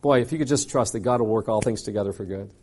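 Animated preacher man telling a story. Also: quick pace. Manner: animated, dramatic storyteller who acts out dialogue; swings between loud punchy lines and quiet low asides. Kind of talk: sermon storytelling.

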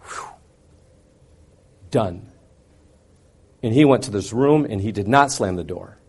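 A middle-aged man telling a personal testimony to an audience, swinging from loud, intense outbursts to quiet, hushed reflection. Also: fairly low pitch, a little fast, husky. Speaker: speaker sharing a personal testimony. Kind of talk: dramatic personal storytelling to an audience.

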